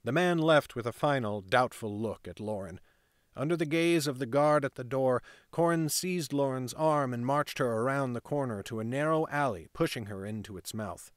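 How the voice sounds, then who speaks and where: A man's voice: mid-range voice, normal speed, dry recording. Dry, close male fantasy narrator. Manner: steady reading with casual off-script asides. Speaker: narrator reading a novel aloud.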